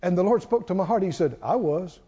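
A man's voice: high-pitched, fast, dark tone, lo-fi sound. A male pastor preaching a sermon, telling his story with animation and leading the congregation in call-and-response prayer.

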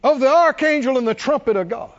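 A man preaching a sermon, animated and joking with the congregation. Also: extremely high pitch, brisk, muffled recording. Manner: animated preaching, jokes with congregation, does cartoon voices. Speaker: pastor.

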